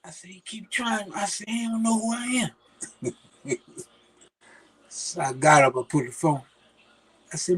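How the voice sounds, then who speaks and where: Older guy with a high voice, telling stories in a sit-down chat, does the voices of people he quotes. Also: a little slow, pauses often, slightly rough. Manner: animated, acts out quoted voices. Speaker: interview guest. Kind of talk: storytelling in casual conversation.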